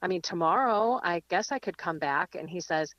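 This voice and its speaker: Lively storytelling woman calling in from her car. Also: fairly low pitch, normal speed, dry recording, highs cut off. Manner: lively, storytelling, laughs easily. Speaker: guest speaker. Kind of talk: live radio chat and reflection. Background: rain.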